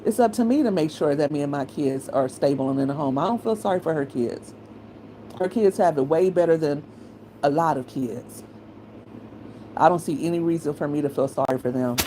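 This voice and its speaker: A low-voiced middle-aged woman, opinionated and blunt, talking casually straight into the mic. Her tone is frank and conversational. There is a faint hiss of noise under her voice. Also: animated, brisk, dark tone, low-quality recording. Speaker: commentary channel host.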